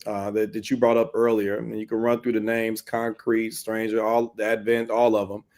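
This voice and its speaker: A man's voice: lowish voice, completely flat delivery, moderate pace, a little mellow. A man who owns a comic shop speaks earnestly in a casual panel chat, often repeating words as he builds his point.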